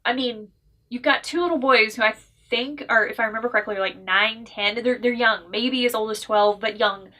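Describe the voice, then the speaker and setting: Chatty Southern woman with a bright voice. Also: fairly high pitch, normal speed. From American South. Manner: chatty, animated, self-interrupting with laughs and asides. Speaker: book reviewer. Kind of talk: casual book review vlog.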